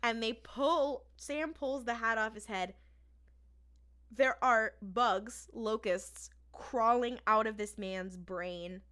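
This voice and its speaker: Her voice on the high side and her pace slow, a podcast co-host chats through an episode recap, acting out quoted lines in an animated retelling.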